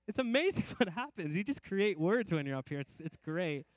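Middle-aged preacher guy, kinda high voice, dry close sound, repeats lines and slows down to hit the big points. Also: very animated, no room sound. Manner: varies emphasis, rising and slowing on key phrases; repetitive, rhythmic preaching. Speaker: pastor. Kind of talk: sermon.

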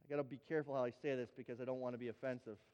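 A man preaching a sermon, telling stories with animated energy and often repeating words as he builds up. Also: mid-range voice, very fast, in a large hall, highs cut off. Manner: animated storytelling, repeats words when excited. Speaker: pastor.

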